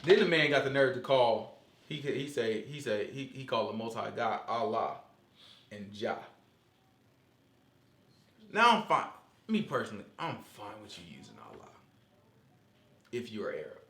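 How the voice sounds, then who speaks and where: A man leading a casual Bible study discussion, talking in an animated, joking, conversational way. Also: mid-range voice, moderate pace, long pauses, reverberant.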